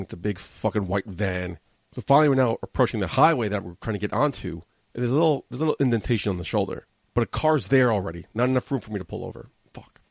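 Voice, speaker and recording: A podcast host with a low, gravelly, slightly mellow voice rushes through an agitated, profane rant, rambling through a casual story with plenty of swearing. The studio sound is dry and close, with no room echo.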